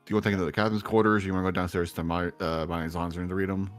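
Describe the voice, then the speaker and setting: Low-voiced tabletop player, matter-of-fact. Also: male voice, level tone, racing, faint music behind. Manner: matter-of-fact, chuckles between lines. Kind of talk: casual tabletop play.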